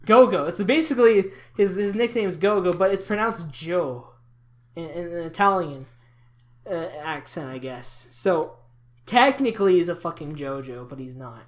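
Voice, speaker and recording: A man's voice: sits high, lively intonation, moderate pace. A young man around eighteen co-hosting a casual podcast chat, ranting at length and laughing often. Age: late teens. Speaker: podcast co-host.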